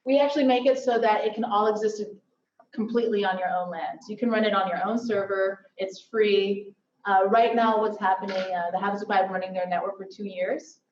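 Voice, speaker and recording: A woman's voice: mid-range voice, fairly even intonation, brisk, a little mellow, slight background noise. Woman presenting in an echoey hall. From Silicon Valley. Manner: upbeat, joking asides. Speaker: workshop presenter. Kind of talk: conference presentation. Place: lecture hall. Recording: echoey hall from far off, dull.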